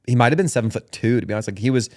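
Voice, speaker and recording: A man's voice: medium pitch, rapid-fire. A young man hosting a podcast. He tells school stories in a casual, slangy way, laughing often. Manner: laughs often, loose slangy talk full of "like" and "dude". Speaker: podcast host. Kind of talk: casual storytelling chat.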